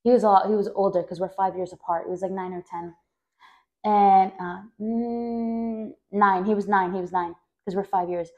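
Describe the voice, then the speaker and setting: A woman's voice: fairly even intonation, normal speed, lo-fi sound. A woman from Mexico hosting a podcast and recounting her own life story. She rambles, corrects herself mid-sentence and leans on "like" as a filler. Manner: acts out quoted voices louder and higher. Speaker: podcast host.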